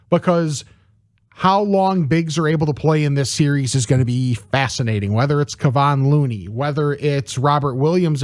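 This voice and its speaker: A man co-hosting sports talk radio, giving quick, detailed basketball analysis with dry asides. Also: fairly high pitch, no room sound.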